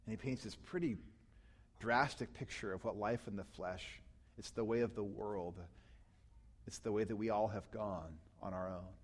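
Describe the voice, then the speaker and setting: A man preaching a sermon as pastor, teaching closely from scripture, rising to loud emphatic peaks and falling back to quiet, low passages. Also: moderate pace. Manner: teaching tone, explains grammar of scripture.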